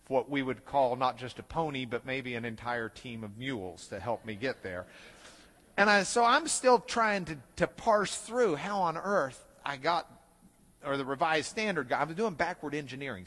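Animated storytelling man in a reverberant hall. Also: medium pitch. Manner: animated, self-deprecating storyteller. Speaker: Bible teacher. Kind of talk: storytelling lecture.

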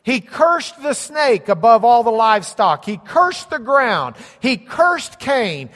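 A man delivers a sermon in a high, carrying voice. He teaches as if pointing to a map, hammering his points home with emphatic repetition. The sound rings with the long reverb of a large hall. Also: sing-song, slow, few pauses, a bit bright. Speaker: pastor.

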